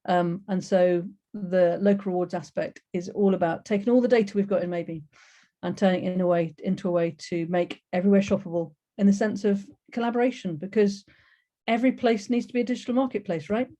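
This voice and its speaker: A woman's voice: mid-range voice, fairly even intonation, fairly quick, warm tone. A woman giving a chatty, enthusiastic webinar presentation over a video call, with many fillers.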